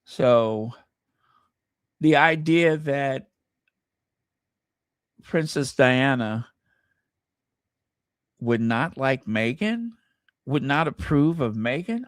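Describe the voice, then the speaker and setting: A man's voice: mid-range voice, animated, drawn-out words, long pauses, dry recording, clean studio sound. A man from the United States hosting his channel, giving sassy, mocking casual commentary. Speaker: channel host.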